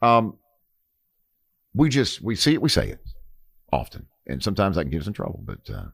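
Fast-talking, animated man. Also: fairly low pitch, gravelly, no echo. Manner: rambling, lots of fillers and restarts. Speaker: podcast and radio co-host. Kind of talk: casual banter with sponsor reads. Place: radio studio.

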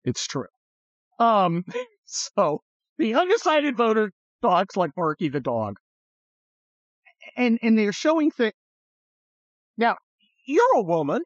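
A man's voice: high-pitched, huge pitch swings, slow, long pauses, no echo, dull audio. A man hosting a podcast, chatting bluntly and sarcastically about politics and swearing now and then. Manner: sarcastic, blunt, swears, slips into mocking voices. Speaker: podcast host. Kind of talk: casual political chat.

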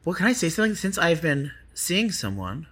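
A woman's voice: lowish voice, very animated, fairly quick, husky. A woman co-hosting a podcast in casual gossip chat, frank, crude and joking. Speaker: podcast co-host.

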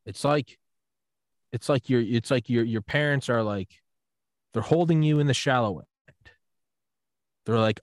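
A man's voice: medium pitch, unhurried, pauses often, no room sound. A man hosting a podcast in casual chat. He tells stories with a lot of swearing and acts out quotes in other voices. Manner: profane, animated storytelling with acted-out quotes. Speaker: podcast host.

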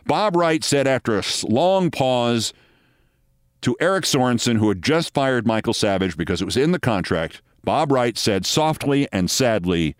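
A man's voice: medium pitch, animated, moderate pace, no echo, studio quality. A middle-aged man hosting a news commentary show, delivering a scripted monologue in an emphatic, sardonic way. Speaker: host.

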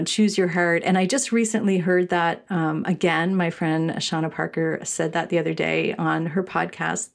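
A woman's voice: on the low side, vocal fry. A middle-aged woman from Canada hosting a casual solo podcast, talking in a rambling way with restarts and laughs. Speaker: podcast host and shop owner.

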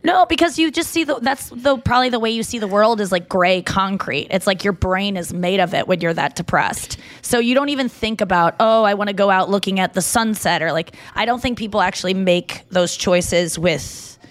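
A woman's voice: medium pitch, moderate pace, few pauses. Chatty, self-mocking woman podcaster. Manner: chatty, self-deprecating, breaks into laughs. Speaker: podcast co-host. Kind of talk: casual podcast chat. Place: staying in a tropical island town.

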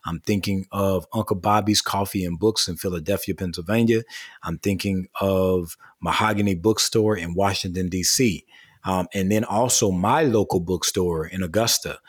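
Husky-voiced man, low and earnest. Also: moderate pace. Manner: earnest, builds long lists with rising emphasis. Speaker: guest author. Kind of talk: casual interview conversation.

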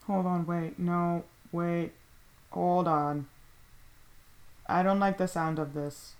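A woman playing a tabletop game, who talks in flustered, quick objections. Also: lowish voice, little pitch movement, a little mellow. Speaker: player.

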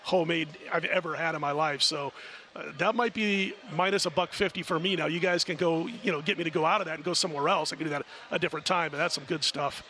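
Casting: middle-aged male betting analyst, bright and crisp tone, chatty storyteller. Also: fairly high pitch, quick pace. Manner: rambling storyteller, chatty and animated. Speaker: sports betting handicapper guest. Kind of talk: casual radio chat.

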